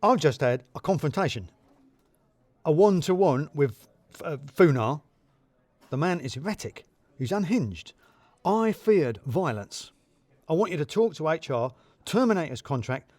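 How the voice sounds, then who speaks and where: A man's voice: a little high, very animated, unhurried, pauses often, a little mellow, dry recording, voice pushed up. A man voicing a pompous male office boss who blusters and turns hysterical. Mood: indignant.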